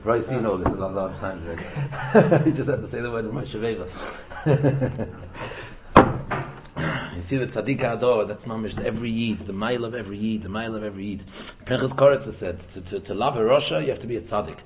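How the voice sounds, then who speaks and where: A man delivers an informal Torah lesson at a brisk clip, stumbling over repeated words and weaving in Hebrew and Yiddish terms. His voice comes through a thin, phone-like channel in an echoey room with a faint hiss underneath. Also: on the low side. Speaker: rabbi teaching a Torah talk.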